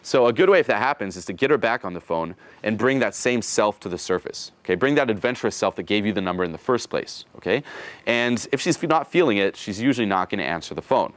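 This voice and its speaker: A man coaching a group at a rapid clip, casual and profane, checking in with "okay?" every few lines. He slips into acted bits of dialogue while he explains. The sound is dry and close, with no room echo. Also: on the low side, lively intonation, a bit bright. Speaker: dating coach.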